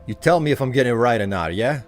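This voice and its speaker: A man's voice: sits low, sing-song, normal speed, slightly rough, faint music behind, heavily acted. A British man putting on a tough-talking Boston working man, with a broad, stereotypical accent. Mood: swaggering. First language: British English speaker faking the accent. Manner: exaggerated stereotypical accent put-on.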